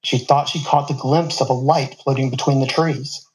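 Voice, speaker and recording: A man's voice: mid-range voice, fairly even intonation, moderate pace, a little mellow, low-quality recording. A man reading a story aloud, now and then stopping for casual asides to the listener. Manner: casual asides between passages.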